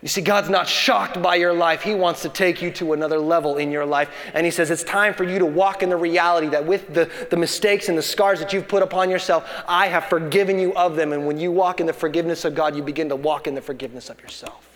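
A man's voice: on the high side, fairly even intonation, fast, few pauses, fairly bright tone. A pastor in his thirties preaching a sermon, building to emphatic bursts and telling family stories. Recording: long hall reverb.

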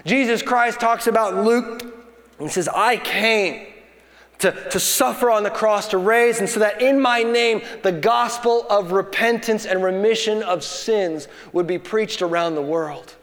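A man's voice: high voice, measured pace, fairly bright tone. A pastor in his thirties preaching a sermon, building to emphatic bursts and telling family stories. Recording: long hall reverb.

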